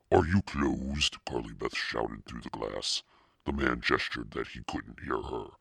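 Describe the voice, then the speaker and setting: A man narrating a spooky children's storybook in a steady, suspenseful reading. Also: extremely low pitch, gravelly, husky, no echo, clean studio sound. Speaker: audiobook narrator.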